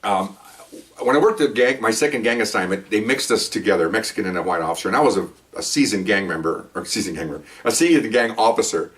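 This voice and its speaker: An older man, a retired cop, talks quickly and keeps drifting into jokey side stories. He keeps checking in with "okay?" and "you know" as he goes. His voice sounds a bit distant from the microphone. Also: fairly low pitch, lively intonation, a bit bright. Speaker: retired police officer telling stories. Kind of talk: casual storytelling monologue.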